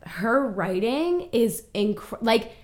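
A young woman co-hosting a podcast in casual chat, excitable and laughing often, swearing freely and acting out quotes. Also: fairly high pitch, extremely slow. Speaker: podcast co-host.

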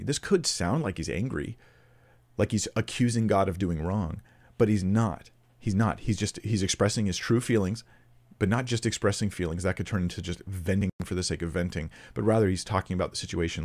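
In a low, darkish voice at a brisk pace, a man gives a conversational Bible lesson, musing aloud with fillers and restarts. As a preacher, he reads scripture with mounting emphasis.

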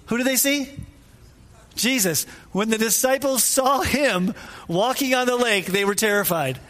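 High-voiced man preaching casually. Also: a little slow, fairly bright tone. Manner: informal, asks listeners questions directly; repeats phrases for emphasis. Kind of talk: conversational sermon.

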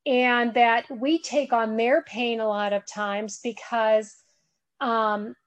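A woman's voice: on the high side, steady tone, slow, no echo. A woman hosting a podcast, talking earnestly in a rambling, conversational way. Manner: earnest, rambling, backs up and restarts. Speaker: podcast host.

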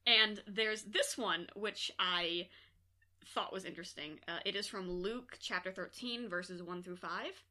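A woman's voice: mid-range voice, measured pace, sharp tone. A woman co-hosting a podcast in a casual chat, telling stories in a jokey way and giggling often. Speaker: podcast co-host.

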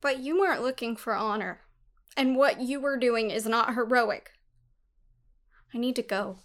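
A woman's voice: very high voice, expressive, unhurried, a bit bright, heavily acted. A woman voicing a distraught young wife who pleads tearfully with her husband in an audiobook. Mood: resigned. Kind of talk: audiobook dialogue.

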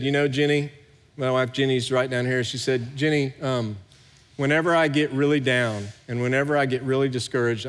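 A middle-aged pastor preaching a sermon, swinging between hushed and loud, recorded in a large church hall. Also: male voice, medium pitch. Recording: long hall reverb.

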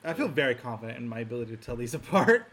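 Brash, quick-talking man. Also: mid-range voice, big pitch swings, a bit bright, a little hiss or hum. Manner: brash, cocky, swearing. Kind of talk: casual group banter.

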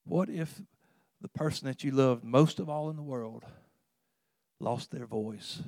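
A man preaching a sermon in a folksy, conversational way, chuckling now and then, getting loud for emphasis and going soft on tender points. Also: mid-range voice, measured pace, creaky, dry recording.

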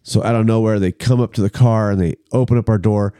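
A man telling a story in a casual chat, animated and acting out the people in it. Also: lowish voice, quick pace, clear, resonant tone, no room sound, clean studio sound.

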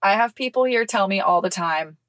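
A woman hosting a podcast, telling a personal story in casual chat, frank and expressive, swearing freely and laughing often. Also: mid-range voice, brisk, no room sound. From California. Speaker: podcast host. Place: visiting family in the South.

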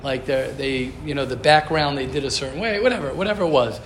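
A man's voice: medium pitch, fast talker. A man teaching a yeshiva class in an informal way, telling personal stories and building to emphatic, repeated points. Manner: animated, builds to emphatic repetition. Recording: roomy echo, faint background noise.

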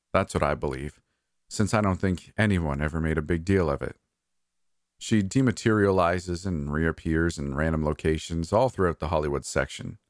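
A man narrating a first-person horror story in a calm, measured, slightly wry way. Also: sits low, dry recording, studio quality.

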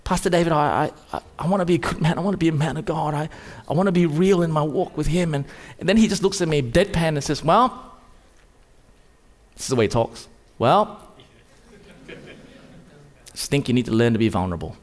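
A man preaching a sermon, swinging between loud, urgent rises and quiet, intimate drops. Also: a little high, fast. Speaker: pastor. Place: church hall. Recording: long hall reverb.

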